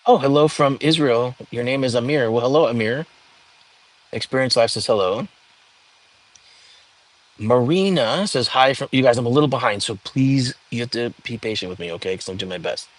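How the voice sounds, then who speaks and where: A man's voice: medium pitch, moderate pace. Chatty young man hosting a livestream. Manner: chatty and easygoing, reacts to viewer comments as they come. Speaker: livestream host. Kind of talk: casual livestream chat, reading comments aloud. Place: home.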